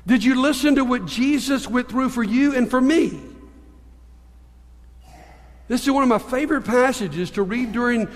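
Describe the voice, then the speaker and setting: A man with a high voice preaches in a church. He tells his stories in an animated way and swings from quiet to forceful. His voice rings with the long reverb of a large hall. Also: moderate pace, long pauses. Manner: animated storyteller, shifting between hushed and emphatic. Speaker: pastor. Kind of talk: sermon with storytelling.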